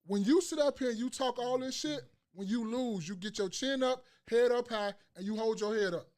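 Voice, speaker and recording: A man's voice: very high voice, normal speed, a little mellow. A man hosting a casual podcast chat, ranting emphatically with slang and profanity and repeating phrases for emphasis. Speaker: podcast host.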